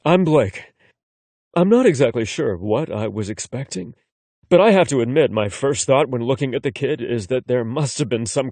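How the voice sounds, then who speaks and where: A man narrating a first-person romance audiobook in an expressive, conversational way. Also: mid-range voice, no room sound.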